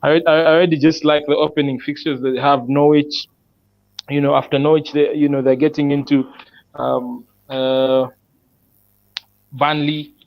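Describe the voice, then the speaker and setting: A man in a casual online chat, talking through his fantasy football picks step by step with frequent pauses. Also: on the high side, flat delivery, muffled recording. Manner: thinks aloud, explains picks step by step with many pauses. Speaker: panelist presenting his fantasy football team.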